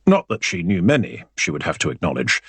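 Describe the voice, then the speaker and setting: A male audiobook narrator with a wry, expressive way of telling the story. His slightly husky voice rises and falls a lot, and the recording is dry and close. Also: sits low, a little fast, dry recording.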